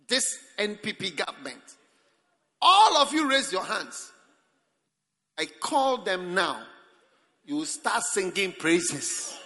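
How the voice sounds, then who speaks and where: A man preaching a sermon as pastor at a church service, animated and breaking into sudden shouts. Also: high voice. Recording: reverberant hall.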